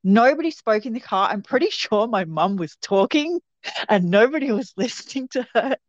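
A woman's voice: a little high, expressive, moderate pace, no room sound. Chatty woman guest, dull lo-fi sound. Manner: chatty, laughs while talking. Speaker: guest recounting a sighting. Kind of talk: casual storytelling.

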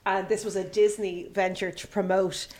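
A woman's voice: medium pitch, level tone, normal speed, a little mellow. A woman hosting a casual podcast quiz, reading out trivia with a joking, laughing tone.

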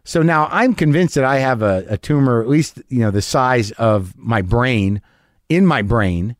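A man's voice: medium pitch, lively intonation, a little slow, no room sound, clean studio sound. A middle-aged man hosting a podcast, telling a long story in an anxious, self-mocking way. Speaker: podcast host. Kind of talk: monologue.

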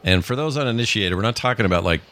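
Very deep-voiced middle-aged man joking around. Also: expressive, very fast, bright, forceful tone. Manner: jokey, rambling, punning. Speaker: podcast host. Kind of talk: casual live-streamed chat.

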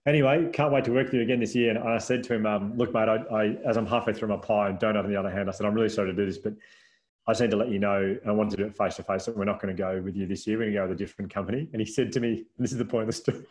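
A man's voice: lowish voice, very fast. A man in his thirties, a podcast guest telling anecdotes in casual chat, laughing often and restarting sentences. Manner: animated storyteller, laughs often, many restarts and "like" fillers.

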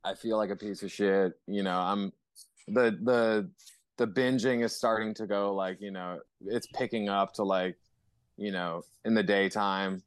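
A man chatting loosely on a podcast as a guest musician, stringing his thoughts together with endless fillers and casual swearing. His voice sits low and sounds dry and close to the mic. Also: steady tone, unhurried, clear, resonant tone, no echo. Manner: rambling, heavy swearing and fillers.

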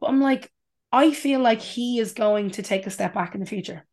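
A woman's voice: a little high, normal speed, darkish tone. Candid, swearing woman podcast host. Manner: candid, swears casually, playful. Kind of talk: casual chat.

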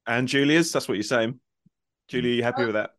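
A man's voice: mid-range voice, brisk, no echo. A man co-hosting a comedy podcast, praising a friend's story with mock solemnity. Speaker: podcast co-host. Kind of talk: casual banter among friends.

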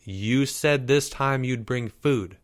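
A man's voice: mid-range voice, takes it slowly, natural voice. A man reading a story aloud, voicing a teasing schoolgirl.

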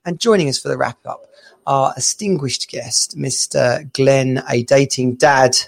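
Gravelly man hosting a chatty stream. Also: mid-range voice, a little slow. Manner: chatty, rambling, laughs easily. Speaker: podcast host. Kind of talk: casual live-stream chat.

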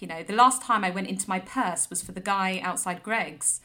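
A woman's voice: medium pitch, normal speed, sharp tone. A woman co-hosting a comedy podcast, telling a rambling anecdote with lots of voiced quotes. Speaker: podcast co-host. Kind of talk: comic storytelling chat.

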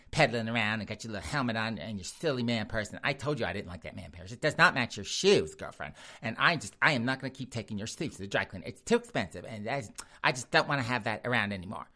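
A man putting on the voice of a sassy, nagging husband who scolds his spouse with drawn-out emphasis. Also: fairly low pitch, sharp tone.

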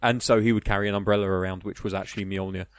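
A man's voice: fairly low pitch, steady tone, very fast. A man co-hosting a casual film podcast, rambling with many fillers and laughing at the jokes. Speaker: podcast co-host.

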